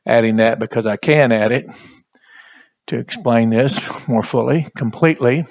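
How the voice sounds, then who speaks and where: A man teaching a Bible language class, speaking haltingly and repeating words as he writes on a board. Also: mid-range voice, vocal fry, darkish tone, no echo, lo-fi sound. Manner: slow, halting, repeats words while writing. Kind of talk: classroom lesson at a whiteboard.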